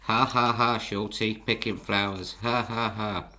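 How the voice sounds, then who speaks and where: A man's voice: fairly low pitch, steady tone, a little slow, sharp tone. A man voicing a big, angry male bully mouse who jeers and mocks in a storybook tale. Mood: jeering. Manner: jeering, mocking laughter.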